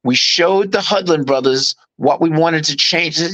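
A man as an interview guest, telling casual anecdotes in an animated way and acting out quotes in voices. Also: fairly high pitch, fairly quick, hardly any pauses, rough recording.

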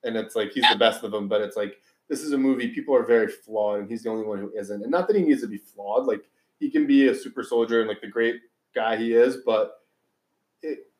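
A man's voice: medium pitch, fairly quick. A man co-hosting a casual film review chat, rambling and musing aloud with many restarts. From United States. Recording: roomy echo.

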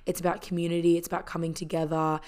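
A woman talks through a film's story in a loose, casual recap. Her voice sits a little low, and she sounds chatty and heartfelt, scattering fillers and the occasional swear word as she goes. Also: level tone, racing, a little mellow, smooth. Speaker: vlogger. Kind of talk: casual movie retelling.

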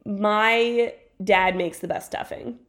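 Speaking slowly in a steady, medium-pitched voice, this woman co-hosts a casual podcast chat. She's an enthusiastic storyteller who makes her points emphatically and laughs a lot.

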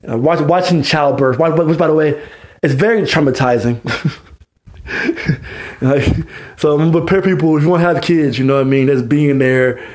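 A man's voice: fairly high pitch, normal speed, long pauses, a little mellow. A young man hosting a podcast, talking alone in a rambling, heartfelt way and often asking "you know what I mean". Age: young adult. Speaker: podcast host. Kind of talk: personal monologue.

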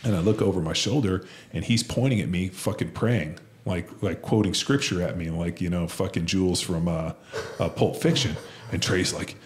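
A man who played football telling profane, animated stories in a casual chat. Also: low-pitched, fairly quick. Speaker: podcast host, former football lineman.

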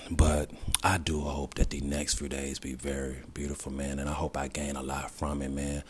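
A man's voice: rumbling low, level tone, moderate pace, a little hiss or hum. A man talking reflectively in a personal video diary, emotional and holding back tears, often dropping to a whisper and leaning on the word "man". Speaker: vlogger.

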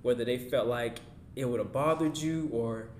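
A man's voice: medium pitch, normal speed, echoey room, a little hiss or hum. A man hosting a podcast, closing the episode with heartfelt, plain-spoken words. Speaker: podcast host. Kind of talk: casual chat.

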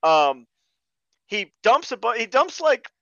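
Guy on a podcast trashing a bad movie, bright lively voice, dry dull lo-fi sound. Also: very high voice, slow pace, vocal fry, dry recording. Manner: sarcastic, exasperated rants with profanity. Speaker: podcast host. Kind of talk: casual movie review chat.

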